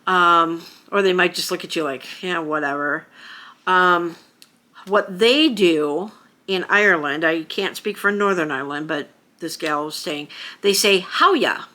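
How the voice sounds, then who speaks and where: A woman's voice: fairly low pitch, a little slow, bright, forceful tone. An American woman talking casually to camera as a vlogger, chatty, with frequent fillers and small laughs. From United States.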